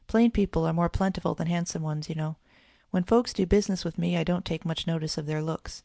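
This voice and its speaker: Old shopkeeper guy, harsh and scolding, very gravelly, narrator doing him. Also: medium pitch, steady tone, a little fast, dry recording, close to an everyday voice. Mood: evasive. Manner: sharp, scolding and threatening.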